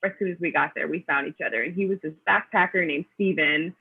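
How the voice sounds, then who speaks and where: A chatty woman author answers questions over a video call, her voice slightly husky and squeezed through a thin, phone-like line. She rambles through her stories with plenty of ums and restarts. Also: on the low side, quick pace. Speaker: guest author. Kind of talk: casual storytelling answers.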